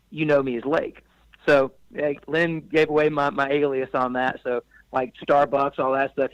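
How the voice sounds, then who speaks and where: Relaxed, self-deprecating podcast co-host man. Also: medium pitch, dry recording, lo-fi sound. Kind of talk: podcast interview.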